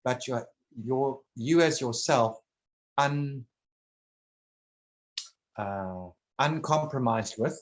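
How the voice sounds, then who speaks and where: A man talking casually one on one, rambling and halting, restarting his sentences and swearing bluntly now and then. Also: medium pitch.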